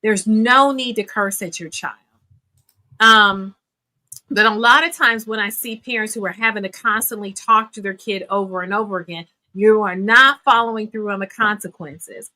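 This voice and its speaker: Bright, emphatic woman in her fifties. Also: mid-range voice, fairly even intonation, moderate pace. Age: 50s. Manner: emphatic and blunt, repeats key points. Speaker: therapist. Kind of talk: podcast discussion.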